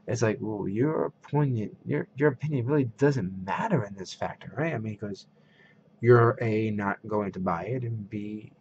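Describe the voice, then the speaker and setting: A man's voice: on the low side, moderate pace, darkish tone, highs cut off, a little hiss or hum. A man vlogging a casual rant to camera, retelling conversations with quoted voices.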